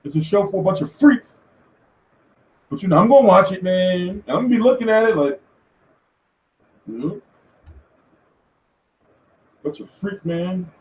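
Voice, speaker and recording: A man hosting a casual commentary show, talking in an animated, profane rant. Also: sits high, normal speed, long pauses. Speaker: host. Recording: echoey room, far from mic.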